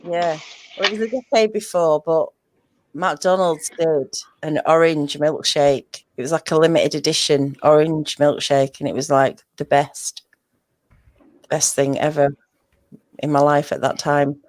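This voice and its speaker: A woman's voice: deep voice, fairly even intonation, measured pace, a little mellow, no echo. A woman hosting a casual chat show, talking in a rambling, chatty way. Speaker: podcast host.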